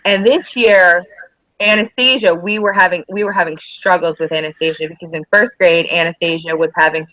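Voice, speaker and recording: A woman's voice: on the low side, fairly quick, dry recording, poor audio. A woman, a mother of schoolchildren, chatting casually on a podcast and acting out quotes as she tells stories. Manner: chatty, animated storytelling with acted-out quotes. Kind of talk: casual chat.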